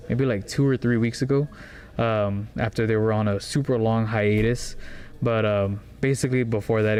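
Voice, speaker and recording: A man runs through the week's new releases in a casual, rambling way, full of fillers and excited asides. His voice sits at an ordinary middle pitch. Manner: rambling, enthusiastic, filler-heavy. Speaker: comic shop host. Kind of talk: casual product rundown. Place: comic book store.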